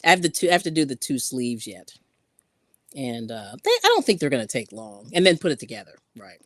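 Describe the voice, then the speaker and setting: A woman's voice: very deep voice, huge pitch swings, fairly quick, fairly bright tone, dry recording, clean studio sound. A woman hosting a casual craft live stream, chatting and laughing often as she reads out viewer comments while sewing in yarn ends.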